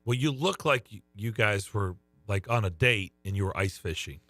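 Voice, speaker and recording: A middle-aged man who coaches youth baseball, co-hosting a sports radio show with a somewhat hoarse voice and teasing, upbeat banter. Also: lowish voice, normal speed, fairly bright tone, dry recording. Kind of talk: casual radio chat.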